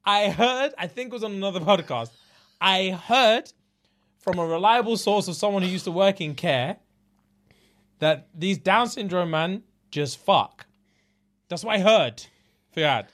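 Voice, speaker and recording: This is a London man co-hosting a casual podcast, his voice sitting a little high for a man. He tells a story with lots of energy and acts out each person's lines in a new voice as he goes. He swears freely and keeps the whole thing loose and conversational. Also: animated, measured pace, pauses often, a bit bright. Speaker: podcast co-host. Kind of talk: casual chat, animated retelling.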